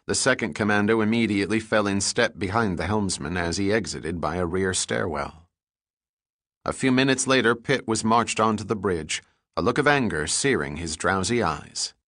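A man narrates a thriller audiobook in a steady, even reading voice. His voice is low and the booth is dry and close. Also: moderate pace, no echo. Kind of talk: scripted narration.

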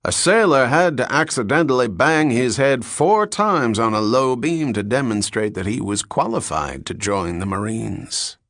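A man voicing an old, sprightly retired sailor who works as a night watchman, talking in a slow, folksy, teasing way. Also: medium pitch, expressive, a bit bright, dry recording, studio quality. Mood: wry.

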